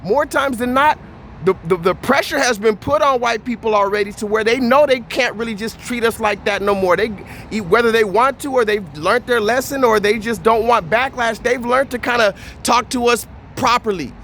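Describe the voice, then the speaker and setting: Blunt, profane man ranting, high voice. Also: normal speed, fairly bright tone, a little hiss or hum. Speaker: vlogger. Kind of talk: ranting storytime vlog. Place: Houston area.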